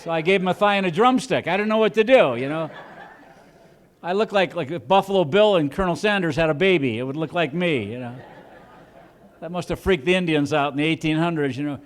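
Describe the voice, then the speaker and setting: A man's voice: fairly high pitch, fairly quick. A man doing a stand-up comedy set on a club stage, rambling and self-deprecating, with frequent restarts.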